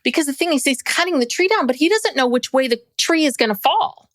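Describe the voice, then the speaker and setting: A woman's voice: high-pitched, lively intonation, brisk, no echo, clean studio sound. A woman in her forties co-hosting a podcast, chatting casually and asking incredulous questions about a reality show. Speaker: podcast co-host. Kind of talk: casual reality TV recap chat.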